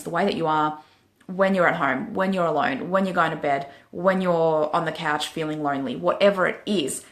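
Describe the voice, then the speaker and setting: Frank Australian woman, low voice, echoey room. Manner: frank, lively, laughs at herself. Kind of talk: casual spiritual advice vlog.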